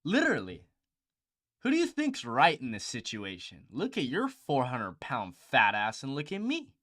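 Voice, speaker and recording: A man's voice: medium pitch, wildly swooping pitch, normal speed, a bit bright, no room sound, clean studio sound. A young man hosting a live stream in casual chat, blunt and profane, with lots of "bro" and "dude".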